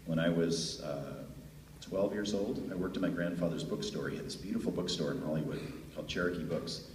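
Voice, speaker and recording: A middle-aged man with a deep voice, a voice actor telling stories to fans at a convention panel, chatty and laughing easily. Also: brisk, darkish tone. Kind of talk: relaxed storytelling answer to a fan. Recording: echoey hall from far off, faint noise.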